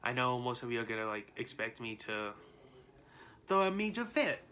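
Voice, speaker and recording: A man's voice: medium pitch, very animated, moderate pace, bright, forceful tone, slight background noise. A man in his twenties ranting to his viewers in a vlog, trying to hold back his anger as he rambles with many restarts. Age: 20s. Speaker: YouTuber.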